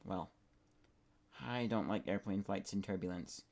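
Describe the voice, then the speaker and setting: A young man rambling and musing aloud while playing a game, often trailing off mid-thought in a soft, casual voice. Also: sits low, unhurried. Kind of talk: casual gaming commentary.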